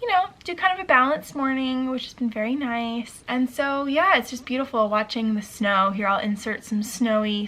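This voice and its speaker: A woman's voice: medium pitch, sharp tone. A woman in her thirties chatting casually in a vlog, out of breath and rambling with lots of "like" fillers. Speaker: vlogger. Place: at home by a window.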